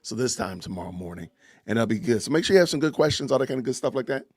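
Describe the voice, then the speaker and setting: A man's voice: mid-range voice, lively intonation, rapid-fire, no echo, studio quality. A middle-aged man, hosting a casual podcast livestream from home, chatty and laughing often as he talks to his viewers. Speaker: podcast host. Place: home, family heard in the kitchen.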